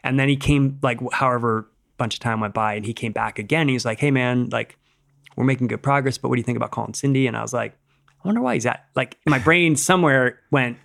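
A middle-aged man with a gravelly, creaky voice sits as a podcast guest and tells his story casually. He rambles, sprinkles in "like," and acts out what each person said. His voice sits at a middle pitch. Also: fast talker, a bit bright. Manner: rambling retelling, acting out quotes, many "like"s.

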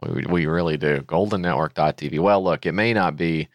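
A man's voice: deep voice, brisk, no echo, studio quality. A man co-hosting a comedy podcast, riffing with sarcastic disbelief in casual chat. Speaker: podcast co-host.

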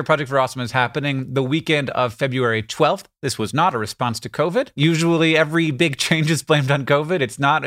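A man's voice: mid-range voice, fairly bright tone, no room sound, clean studio sound. Playful man hosting a live podcast. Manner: playful, joking, quick asides. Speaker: podcast host. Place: stage at a live event.

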